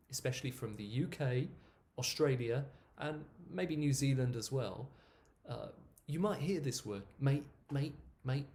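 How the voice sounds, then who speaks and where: A man teaching English in a relaxed, explanatory way, pausing to repeat words slowly so learners can hear how they sound. His voice sits at a middling pitch.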